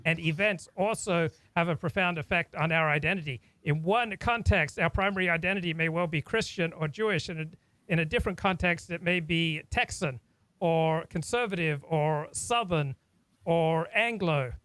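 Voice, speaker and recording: A man's voice: on the high side, moderate pace, pushed and bright, no echo, poor audio. A man from Australia hosting a talk, speaking in an earnest, reflective way and often repeating words as he thinks. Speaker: host. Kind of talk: casual discussion.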